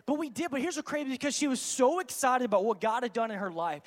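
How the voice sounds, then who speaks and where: A man, a pastor telling an animated, joking story to his congregation during a sermon. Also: high-pitched, racing, hardly any pauses, long reverb tail. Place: church sanctuary.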